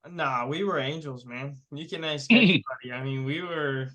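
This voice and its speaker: Casting: joking podcast guest, sarcastic, high voice. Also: male voice, normal speed, sharp tone. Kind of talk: casual chat.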